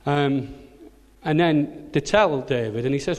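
A male preacher gives his sermon as a lively, joking storyteller. His voice sits at a middle pitch and rings in a long hall reverb. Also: normal speed.

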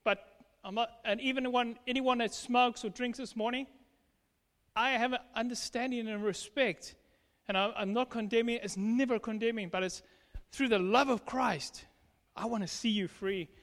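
High-voiced man preaching in a reverberant hall. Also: steady tone, normal speed, a bit bright. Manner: emphatic testimony, acting out quoted dialogue. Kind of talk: sermon.

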